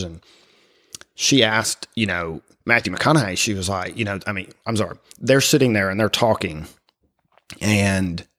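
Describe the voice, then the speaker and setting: A middle-aged man sharing his personal faith story in conversation, speaking haltingly with many fillers and restarts. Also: sits low, a bit bright. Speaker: guest.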